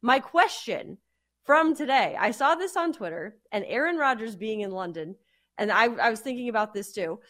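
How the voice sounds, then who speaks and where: A woman co-hosting a sports podcast, chatty and animated, laughing easily in casual talk about football and betting. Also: a little high, normal speed.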